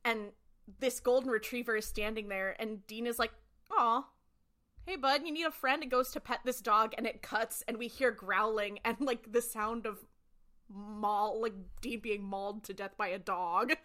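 A young woman co-hosting a podcast, retelling a TV episode in a quick, lively way and acting out the characters' lines. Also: medium pitch. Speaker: podcast co-host. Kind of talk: casual recap chat.

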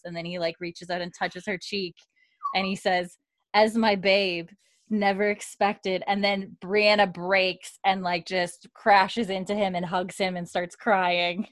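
A woman's voice: mid-range voice, little pitch movement, measured pace, no room sound. A woman on a casual podcast, recapping a TV episode scene by scene, quoting the characters and laughing often. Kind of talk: animated casual storytelling with quoted dialogue.

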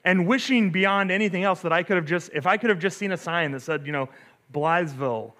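A middle-aged man, a pastor, telling a story in a relaxed sermon, full of fillers and restarts, often asking "right?". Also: sits high, fast.

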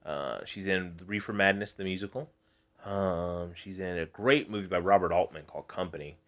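A man's voice: low-pitched, normal speed. Profane, riffing man on a podcast. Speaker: podcast co-host. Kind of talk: casual comedic chat.

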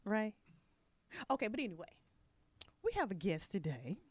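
A woman's voice: medium pitch, sing-song, normal speed. A woman co-hosting a podcast, chatting casually, swearing and laughing easily. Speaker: podcast co-host. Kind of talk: casual chat.

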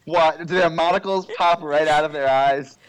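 A man's voice: fairly high pitch, fairly even intonation, normal speed, smooth, no echo, low-quality recording. A man chatting casually with a co-host about a musical, asking wry, joking questions. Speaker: podcast co-host.

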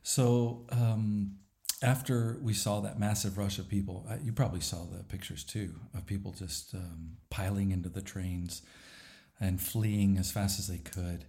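A middle-aged man, a pastor and church planter, speaking thoughtfully in a podcast interview with frequent "uh" pauses. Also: deep voice, fairly even intonation, dark tone. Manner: thoughtful, with many "uh" fillers and a light laugh.

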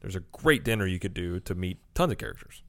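A man's voice: deep voice, lively intonation, fast talker, fairly bright tone, dry recording, studio quality. A man co-hosting a casual chat full of theme park tips, rambling with fillers. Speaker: co-host.

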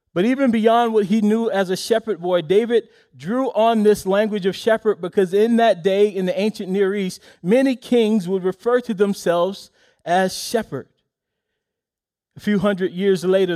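A man with a high, light voice preaching a Sunday sermon. He talks in a measured way and circles back to the same phrases. He slows right down when he stresses a line. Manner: measured preaching, repeats key phrases with slow emphasis; soft, low reading of scripture. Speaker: pastor.

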